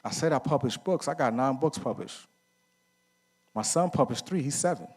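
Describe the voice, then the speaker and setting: A husky, expressive medium-pitched voice carries this middle-aged man's talk at a moderate pace. Speaking casually at a men's conference, he strings together stories and answers his own questions to the audience, using slang and fillers like "right?"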